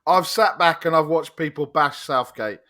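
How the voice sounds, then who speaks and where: A man's voice: on the high side, moderate pace, pushed and bright. A man in a casual football chat, arguing his point emphatically. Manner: emphatic, argumentative.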